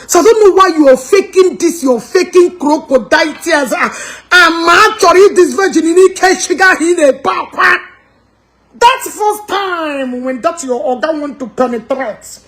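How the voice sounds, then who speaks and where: Woman, Nigerian Igbo accent, high voice, scornful rant, mixes English and Igbo, mocking laughs. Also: a little slow. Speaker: social media commentator.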